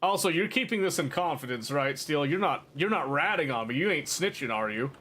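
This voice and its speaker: A man with a slightly high, expressive voice and a sharp tone talks fairly quickly while streaming a game. He rambles to his chat in a playful, teasing, mock-dramatic way, keeping it casual as he plays.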